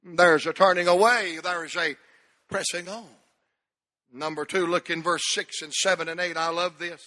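An older male pastor preaching a revival-style sermon, climbing into shouted, repeated calls and dropping back to folksy asides. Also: sits high, steady tone, moderate pace. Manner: builds to shouted, repeated exhortations with folksy humor.

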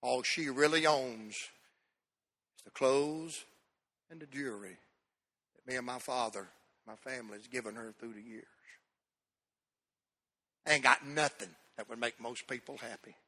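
A man's voice: mid-range voice, unhurried, long pauses, sharp tone. A male pastor with a North Carolina accent, telling a personal story in a sermon with folksy country speech.

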